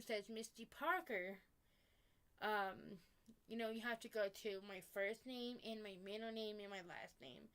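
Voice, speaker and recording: A woman's voice: a little high, a bit bright. A woman rambling in a casual webcam vlog message from her bedroom, with many fillers and repeats.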